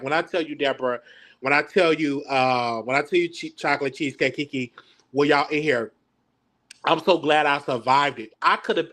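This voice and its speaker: A man's voice: fairly high pitch, pushed and bright. A man hosting a casual reaction chat, stammering and flustered as he mocks himself. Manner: stammering, flustered, self-mocking. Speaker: show host.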